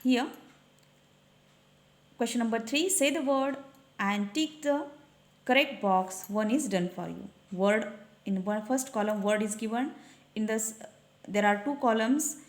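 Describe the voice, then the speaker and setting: A woman teacher works through a textbook page, slow and patient, spelling out letters one by one. Her voice sits a little high and rings in an echoey room.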